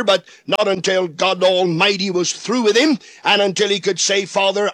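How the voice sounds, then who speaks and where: A high-pitched man preaches in a dry, close recording. He has an old-fashioned preacher's cadence and stretches out his emphatic phrases. He acts out the voices of the people in the passages he quotes. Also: a bit bright, dry recording. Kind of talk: sermon.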